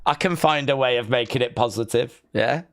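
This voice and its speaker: A man's voice: medium pitch, brisk. A man hosting a live wrestling watch-along, reading chat and riffing with dry sarcasm and lots of fillers. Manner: sarcastic, jokey, rambling with fillers.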